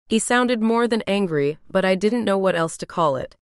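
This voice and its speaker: Audiobook narrator: composed woman, smooth and clear, dry close mic. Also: medium pitch, animated, moderate pace, few pauses, no echo. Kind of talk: first-person scripted narration.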